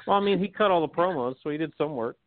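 A man's voice: on the high side, animated, quick pace, dry recording. A man chatting casually and bluntly, swearing freely and laughing often as he argues his opinions. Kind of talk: casual chat. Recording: tinny phone-like sound.

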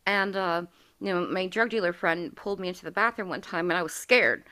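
A woman's voice: on the low side, fairly quick, bright, forceful tone. A woman in her forties hosting a podcast, telling a candid, profane personal story in casual chat. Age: 40s. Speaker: podcast host.

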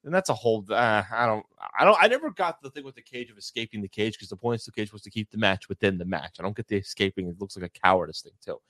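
A man's voice: lowish voice, expressive, quick pace, hardly any pauses, a bit bright, dry recording. A man co-hosting a casual wrestling talk show, rambling with lots of fillers. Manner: rambling, filler-heavy, laughs often. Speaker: podcast co-host.

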